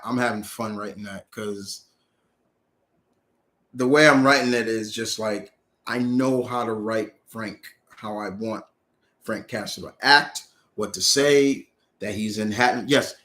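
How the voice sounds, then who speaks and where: A man with a medium-pitched, sharp-toned voice hosts a casual live Q&A, answering viewer questions. He rambles through them and corrects himself mid-sentence.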